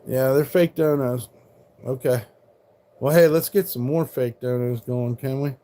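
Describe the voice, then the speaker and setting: A man's voice: mid-range voice, unhurried, warm tone. A man in his forties, live streaming and arguing with trolls in chat, combative and full of profanity. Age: 40s.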